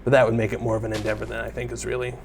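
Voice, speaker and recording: A young man talks his way through a block-building game in a loose, rambling stream, often poking fun at himself and chatting with the creatures he meets. His voice sits at an ordinary middle pitch. A faint hum of ambient noise stays under the recording. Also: little pitch movement, very fast. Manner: rambling, self-deprecating, talks to viewers and mobs. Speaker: gaming YouTuber. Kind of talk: casual Let's Play commentary.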